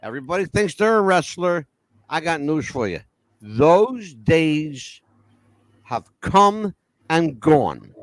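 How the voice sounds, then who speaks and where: A man with a notably high voice hosts a casual podcast chat, blunt and emphatic, swearing as he makes his points. The sound is dry and close, with no room around it. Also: very animated, slow, dry recording. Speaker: podcast host.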